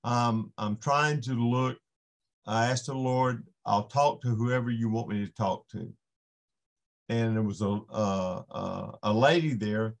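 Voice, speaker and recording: On a faith podcast, a ministering guest shares a personal testimony in casual, unhurried storytelling, acting out the voices of the people in it. His voice is medium in pitch and creaky.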